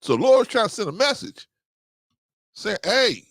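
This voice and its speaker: A man's voice: sing-song, normal speed, gravelly, no room sound, clean studio sound. A man casually reading and joking through scripture as host, laughing often and preaching in bursts. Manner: preachy storytelling with sudden pitch jumps. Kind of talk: casual comic Bible commentary.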